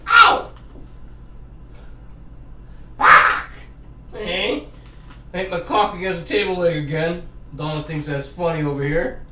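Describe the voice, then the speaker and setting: Crude Canadian man, eh-heavy and high. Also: a little fast, slight background noise. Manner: crude, swearing, laughing, tags lines with "eh". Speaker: vlogger. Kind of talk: casual vlog chat. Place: home kitchen table.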